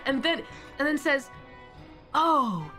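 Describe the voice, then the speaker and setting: A woman's voice: high-pitched, measured pace, a bit bright, soft background music. A woman narrating as game master of a tabletop game, laughing often.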